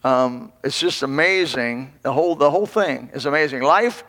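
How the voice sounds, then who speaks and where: A man's voice: medium pitch, normal speed, a bit bright. A man in his sixties, a pastor giving a folksy, rambling sermon full of restarts. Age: 60s. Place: church. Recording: long hall reverb.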